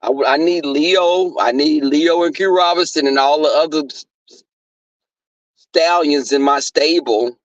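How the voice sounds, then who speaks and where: Young man, high voice, slow talker, brash, profane, gossipy livestream chat, dull dry lo-fi sound. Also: no echo. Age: 20s. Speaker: livestream host reading chat.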